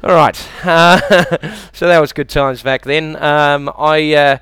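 New Zealand stand-up, slightly high smooth voice, dry close mic, deadpan crowd-work. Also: male voice, takes it slowly, dry recording. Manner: deadpan, self-deprecating, bantering with the audience. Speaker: stand-up comedian. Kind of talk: stand-up comedy routine. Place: comedy club stage.

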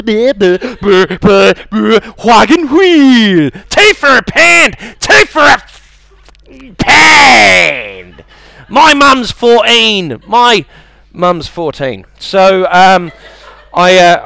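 A man's voice: high-pitched, a bit bright, clean tone, no room sound. A man with a New Zealand accent doing a stand-up comedy set, chatty and self-mocking, slipping into silly impressions.

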